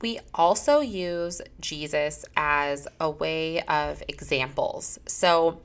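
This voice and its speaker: A woman's voice: low-pitched, takes it slowly, clear, resonant tone. Earnest woman hosting a parenting podcast. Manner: earnest, heartfelt, quotes her children and herself in dialogue. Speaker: podcast host. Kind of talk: solo Christian parenting podcast talk.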